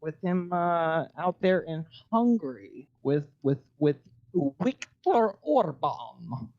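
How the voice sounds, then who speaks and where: A man's voice: on the high side, big pitch swings, takes it slowly, dry recording. A man calling into a live stream, chatting in a wry, mock-earnest, drawling way. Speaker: call-in guest. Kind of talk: casual chat with wry banter. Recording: dull dry call audio.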